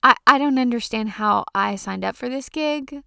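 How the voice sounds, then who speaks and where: A woman's voice: a little high, moderate pace, creaky, pushed and bright, clear, resonant tone, no echo, clean studio sound. A woman in her thirties hosting a podcast, ranting casually and profanely with exasperation. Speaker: podcast host.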